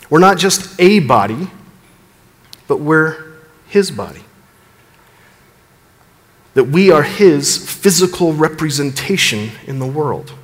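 A man preaching a sermon as pastor, earnest, building emphasis and dropping low at the ends of phrases. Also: big-room sound.

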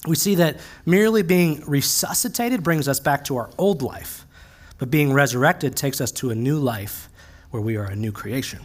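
A male pastor giving a conversational, earnest sermon, slowing down to stress key phrases. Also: mid-range voice.

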